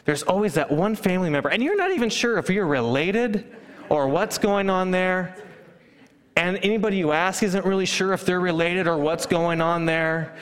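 A man preaching a sermon, telling stories and acting out hushed family chatter. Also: high voice, normal speed. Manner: animated storyteller, acts out hushing relatives. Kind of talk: sermon with storytelling. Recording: long hall reverb.

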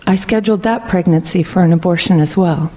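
A middle-aged woman sharing a personal faith testimony in an earnest, reflective way, speaking slowly and deliberately. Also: lowish voice, warm tone. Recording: long hall reverb.

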